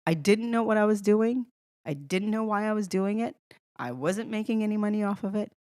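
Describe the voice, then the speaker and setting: A young woman from Iran, a podcast guest, telling a story with animated restarts and acted-out dialogue. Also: medium pitch, brisk, no echo, studio quality. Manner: animated, restarts often, acts out quoted dialogue. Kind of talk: emotional storytelling in casual conversation.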